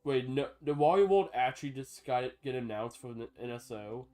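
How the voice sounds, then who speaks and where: A man chatting casually on a live gaming stream, rambling between thoughts and breaking into sudden excited outbursts. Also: mid-range voice, normal speed, faint music behind.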